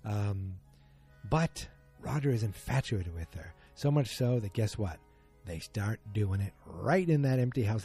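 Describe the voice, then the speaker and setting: A man's voice: medium pitch, lively intonation, normal speed, dark tone, breathy edge, faint music behind. A man giving a chatty, opinionated recap of a TV episode, full of fillers and asides.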